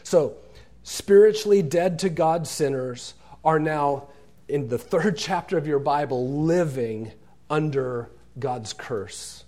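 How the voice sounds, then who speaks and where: A man's voice: fairly high pitch, takes it slowly, warm tone. A man preaching a sermon, reading scripture aloud with earnest emphasis. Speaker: pastor.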